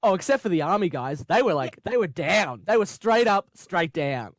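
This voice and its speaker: A podcast co-host chatting casually, laughing often and acting out scenes in quick little voices. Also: medium pitch, sing-song, no echo, studio quality. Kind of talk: casual chat.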